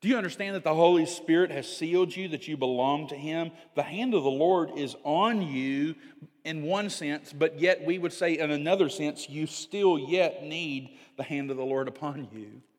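A middle-aged pastor preaching a sermon, swinging from loud emphatic lines to hushed, near-whispered storytelling. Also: male voice, a little high, normal speed, in a large hall.

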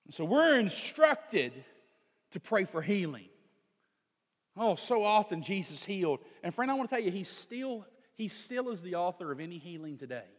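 A man preaching a sermon as pastor, reading scripture, then explaining it earnestly, slowing down and swelling louder to stress key points. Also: sits high, sing-song. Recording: long hall reverb.

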